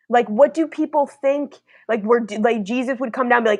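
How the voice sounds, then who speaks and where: A woman's voice: high-pitched, moderate pace, hardly any pauses, no echo. A young woman hosting a casual spiritual chat, talking bluntly with lots of swearing and mocking impressions. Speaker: host.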